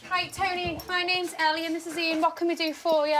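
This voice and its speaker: A woman's voice: very high voice, little pitch movement, fairly quick, fairly bright tone, slight background noise. A woman paramedic, talking in a friendly, caring way with a patient. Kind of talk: casual chat with patient.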